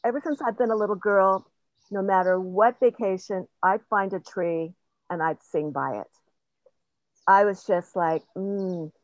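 A woman's voice: mid-range voice, measured pace, dry recording. An older woman sharing her personal experiences in a casual, rambling, earnest way, sometimes laughing at herself. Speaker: participant sharing in a group session. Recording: dull lo-fi audio, dry.

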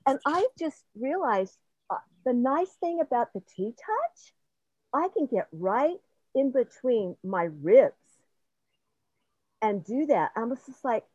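A woman's voice: on the high side, very animated, slow pace, pauses often, a little mellow, husky, dry recording. An older woman sharing her personal experiences in a casual, rambling, earnest way, sometimes laughing at herself. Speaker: participant sharing in a group session. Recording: dull lo-fi audio, dry.

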